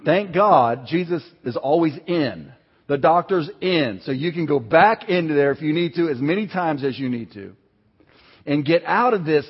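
A man preaching a sermon in a lively, conversational way, swinging between loud and soft delivery. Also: on the high side, moderate pace, husky. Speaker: pastor. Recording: dull sound with long hall reverb.

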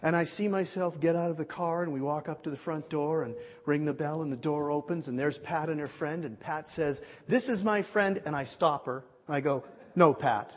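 A man preaching and telling stories, acting out the dialogue with lively shifts. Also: fairly high pitch, a little fast, few pauses. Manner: animated storyteller, acts out dialogue. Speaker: pastor. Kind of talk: sermon storytelling. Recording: muffled sound with long hall reverb.

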